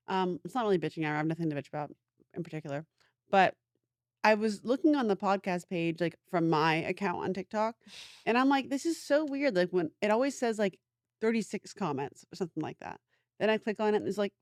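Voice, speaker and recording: Quick, blunt young woman co-host. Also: on the low side, dry recording, clean studio sound. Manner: blunt, swearing, full of "like". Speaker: podcast co-host. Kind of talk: casual chat.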